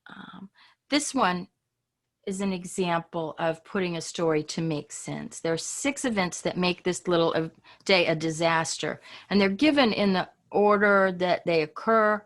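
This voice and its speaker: A woman's voice: lowish voice, measured pace. A woman teaching an online English class, talking in a chatty, informal way and often trailing off and restarting.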